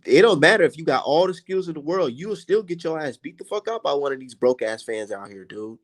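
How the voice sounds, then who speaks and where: A man's voice: a little high, animated, fairly quick. A young man hosting a heated, profane rant about boxing and reading viewer comments aloud. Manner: profane, blunt, exasperated. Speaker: boxing commentator and channel host.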